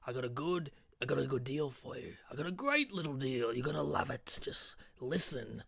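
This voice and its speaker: A man voicing a shifty, short, hobbling male street peddler who pitches in wheedling salesman patter and calls the listener sire. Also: animated, moderate pace, creaky, a bit bright, breathy edge, exaggerated voice.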